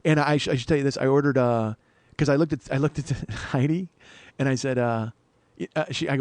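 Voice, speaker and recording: A man's voice: medium pitch, fast, a little mellow, no room sound. A man hosting a comedy podcast, telling a story in a profane, ranting monologue. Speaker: podcast host.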